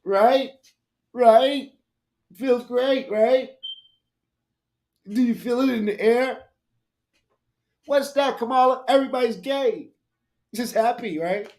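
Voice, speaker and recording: A man's voice: very high-pitched, takes it slowly, long pauses, a little mellow, voice pushed up, exaggerated voice. A man doing a giddy, sing-song woman politician. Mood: mocking giddy. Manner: mocking, sing-song, exaggerated cheer. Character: giddy, over-cheerful middle-aged woman politician.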